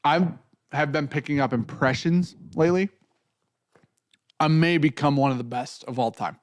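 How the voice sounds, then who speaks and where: A man's voice: on the high side, normal speed, no echo, clean studio sound. A man hosting a casual whiskey tasting, talking in a loose, joking way with plenty of swearing. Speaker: whiskey show host.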